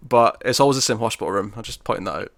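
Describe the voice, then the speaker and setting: A man's voice: on the low side, very fast, fairly bright tone. A man co-hosting a podcast in casual chat, rambling with lots of "like" and laughs. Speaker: podcast co-host.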